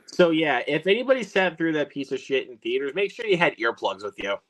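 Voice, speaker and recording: A man's voice: on the high side, big pitch swings, fairly quick, a bit bright. A man co-hosting a casual movie chat, agreeing and adding short remarks.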